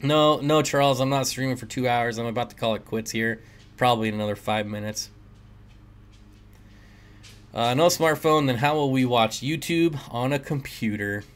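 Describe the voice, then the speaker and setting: A man's voice: mid-range voice, unhurried, long pauses, fairly bright tone. A man hosting a casual livestream, reading chat comments aloud and joking with viewers, often laughing. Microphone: desk mic.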